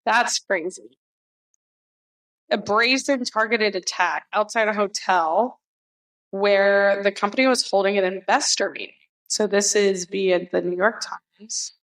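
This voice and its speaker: A woman's voice: medium pitch, a little slow, fairly bright tone. A woman co-hosting a casual podcast, speaking in a blunt, opinionated way. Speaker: podcast co-host. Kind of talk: casual chat.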